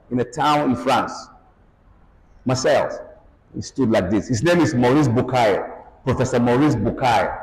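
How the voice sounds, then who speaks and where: Male lecturer, emphatic, animated delivery, fairly high voice, reverberant hall sound. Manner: animated, emphatic preaching with frequent exclamations. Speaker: Islamic lecturer. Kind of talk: religious lecture. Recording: echoey hall with faint background noise.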